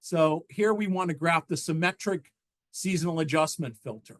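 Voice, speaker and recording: A man's voice: a little high, low-quality recording. Man presenting slides at a seminar. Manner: halting, frequent restarts and fillers while walking through slides.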